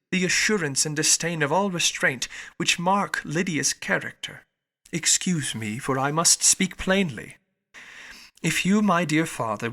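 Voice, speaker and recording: A male narrator voicing a sensible young woman pleading earnestly and deliberately. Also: fairly high pitch, pushed and bright.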